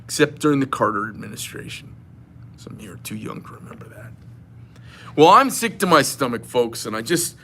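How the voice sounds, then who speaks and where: A man's voice: mid-range voice, pushed and bright, a little hiss or hum. A man delivering an impassioned, rambling political rant to his viewers, retelling a phone call with a friend. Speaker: knife shop owner.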